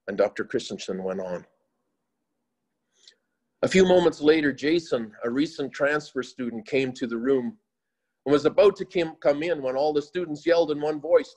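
A man narrating a moral story in a slow, solemn, often quiet way. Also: medium pitch.

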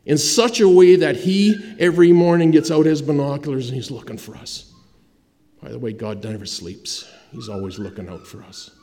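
Mellow-voiced pastor preaching in a hall. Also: male voice, on the high side, normal speed. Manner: dramatic storytelling, swinging from loud emphasis to hushed. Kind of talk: sermon. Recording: long hall reverb.

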